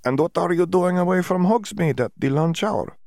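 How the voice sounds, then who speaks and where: A man voicing an earnest, sharp-tongued teenage witch student in an audiobook, asking clipped, pointed questions. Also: high voice, normal speed, no room sound, clean studio sound, voice pushed up.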